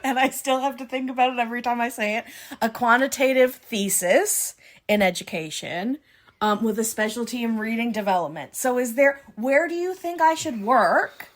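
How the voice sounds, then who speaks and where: A Canadian woman co-hosting a podcast in casual chat, chatty and excitable, quick to gasp and laugh. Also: a little high. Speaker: podcast co-host.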